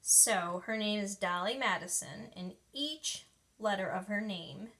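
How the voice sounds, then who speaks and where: A woman's voice: mid-range voice, pushed and bright, slight background noise. Woman reading a storybook to kids. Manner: pauses to explain to young listeners. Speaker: reader of children's books. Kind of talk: reading aloud to children.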